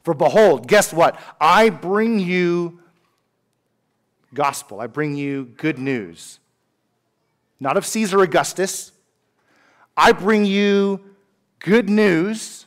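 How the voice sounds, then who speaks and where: Animated man preaching a sermon. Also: a little high, drawn-out words, pauses often. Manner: animated, conversational preaching with asides and voiced quotes. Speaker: pastor.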